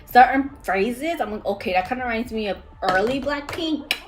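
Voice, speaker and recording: High-pitched swearing woman in her twenties. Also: lively intonation, moderate pace, background noise. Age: 20s. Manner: emotional, swears constantly, sings along. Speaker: reaction youtuber. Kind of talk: casual reaction chat with singing along. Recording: music playing loudly behind.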